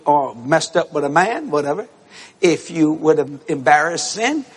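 Male preacher, high and gravelly, swings wildly in pitch, acts out voices, shouts at his congregation. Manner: animated, acts out voices, bursts into shouts and laughter. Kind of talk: storytelling sermon. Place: church service with congregation.

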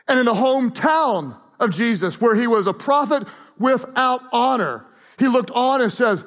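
A man's voice: extremely high pitch, big pitch swings, moderate pace, long reverb tail. A male pastor preaching a dramatic sermon, acting out scripture scenes and calling on the congregation to repeat lines.

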